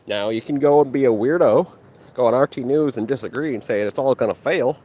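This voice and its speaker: A man's voice: medium pitch, fairly quick, mellow, a little hiss or hum. A man in a heated live-stream rant, arguing with and insulting chat. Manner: combative, insulting, mocking.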